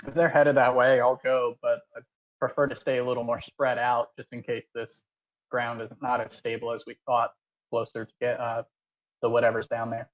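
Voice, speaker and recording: A man's voice: mid-range voice, level tone, moderate pace. A man playing a tabletop game, dry and matter-of-fact as he reasons things through. His voice comes through dull, lo-fi call audio. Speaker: player.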